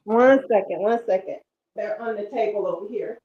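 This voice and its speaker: A middle-aged woman from South Central Los Angeles calling into a livestream over video call, speaking politely and softly. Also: mid-range voice, normal speed, a little hiss or hum. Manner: polite, soft-spoken, light laughs. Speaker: caller. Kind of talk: casual call-in chat. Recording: slightly dull video call audio.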